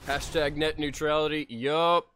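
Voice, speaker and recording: A man who is sick and low on energy gives live commentary on a racing game, excitable and swearing freely. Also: unhurried. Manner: excitable, swears freely, cheers during races. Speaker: video game streamer. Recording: noisy, with racing game sounds. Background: car engines and game sounds.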